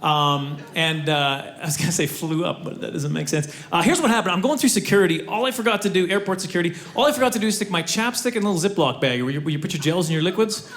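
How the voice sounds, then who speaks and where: A man from Canada doing an animated stand-up set, full of fillers and sudden loud outbursts. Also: sits high, quick pace. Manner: animated, acts out voices, loud bursts and many fillers. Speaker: stand-up comedian. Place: comedy club stage before a laughing audience.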